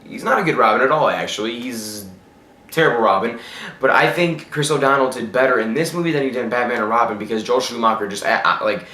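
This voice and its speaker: A man's voice: medium pitch, fast talker, sharp tone, echoey room. A man giving a casual, opinionated film review. He talks bluntly and rants, often stumbling and restarting his words. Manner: blunt, ranting, trips over words. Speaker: movie reviewer.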